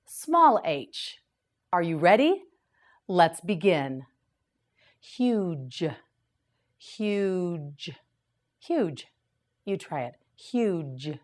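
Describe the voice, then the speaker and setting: A woman leads a beginner vocabulary drill, saying every word with careful, deliberate enunciation. She speaks extremely slowly, leaving long gaps for repetition. Her voice sits a little on the low side. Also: a little mellow. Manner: patient, clearly enunciated repetition. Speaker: English teacher.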